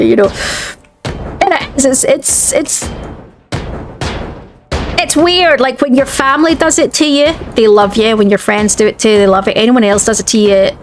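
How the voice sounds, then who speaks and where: A woman with a Scottish accent, chatting casually while streaming a game, rambling and often restarting her sentences. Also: mid-range voice. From Scotland. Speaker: gaming streamer. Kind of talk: casual chat while gaming.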